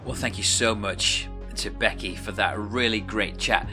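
A man's voice: fairly low pitch, fairly even intonation, a little slow, music in the background. A man hosting a podcast, talking casually with many hesitations and laughing along with his guest. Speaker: podcast host. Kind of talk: casual interview chat.

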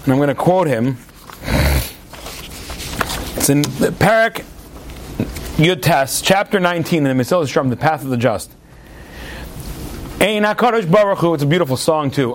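High-voiced man giving a sermon. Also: normal speed, long pauses, slight background noise. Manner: storytelling with acted quotes, animated delivery.

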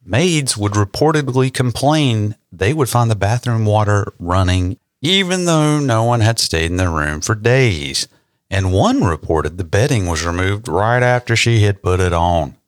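A man's voice: on the low side, lively intonation, unhurried, no echo, studio quality. A young man co-hosting a podcast, reading history facts and joking about them. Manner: joking, reads facts then riffs. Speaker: podcast co-host. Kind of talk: casual chat and read history.

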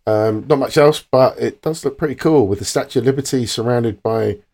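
A man's voice: medium pitch, fairly quick, a little mellow. A man co-hosting a podcast who reads film news headlines aloud, then chats briefly about them. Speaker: podcast co-host reading news items. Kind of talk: casual chat with read-out news.

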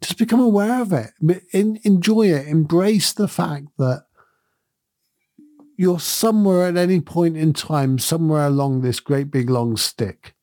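Man, middle-aged, slightly high voice, reflective monologue, earnest, conversational. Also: a little slow, warm tone, no echo, studio quality. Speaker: podcast host.

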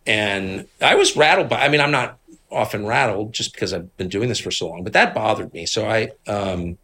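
A middle-aged man from Washington, D.C. talks in a conversational interview, telling stories with indignant emphasis. His pitch swings widely, his tone is bright and forceful, and his voice has a husky edge. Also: moderate pace. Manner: animated, indignant, emphatic storytelling. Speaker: interviewed guest, political commentator.

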